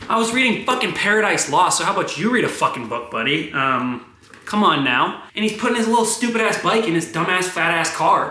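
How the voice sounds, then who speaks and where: A man in his twenties rambling through a profane, animated vlog monologue. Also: high voice, fast. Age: 20s. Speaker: vlogger. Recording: roomy, echoey room.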